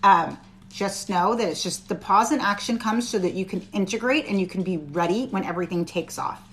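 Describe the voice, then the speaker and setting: A woman's voice: medium pitch, fairly quick, fairly bright tone. A woman giving a live-stream tarot reading, reassuring and chatty with her viewers. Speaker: tarot reader.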